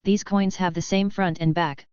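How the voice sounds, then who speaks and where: A kind-hearted teenage girl who talks in a hurried, worried way, voiced plainly by a woman narrating a story. The voice is lowish and very smooth, with dull, dry audio. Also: steady tone, darkish tone, no room sound, close to an everyday voice.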